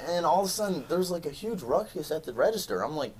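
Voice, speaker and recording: A young man hosting a casual podcast, an animated storyteller who laughs often. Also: fairly high pitch, fast talker, slight background noise. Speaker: podcast host.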